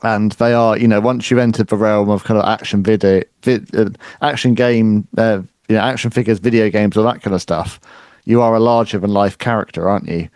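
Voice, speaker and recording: A man hosting an interview, speaking in a measured, thoughtful way with a few restarts. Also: lowish voice, fairly even intonation, a little mellow, clean tone, no room sound. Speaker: interview host. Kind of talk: casual interview.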